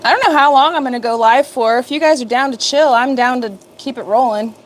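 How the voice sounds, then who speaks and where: A woman's voice: sits high, fairly quick, slight background noise. A woman in her fifties hosting a casual livestream, chatting upbeat with viewers by name as she works. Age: 50s. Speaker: livestream host. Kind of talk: casual live chat while working.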